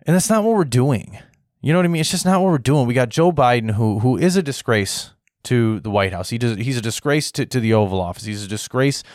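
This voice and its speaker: A man's voice: mid-range voice, no room sound. Man, from the US, podcast host, casual rant, repetitive, dry close mic. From United States. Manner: repetitive, keeps asking "right?"; restless, frequent restarts.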